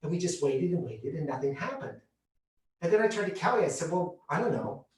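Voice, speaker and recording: A man performing a solo theatre piece, telling his own story with vivid, expressive delivery. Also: fairly high pitch, brisk. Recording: roomy theatre heard from a distance.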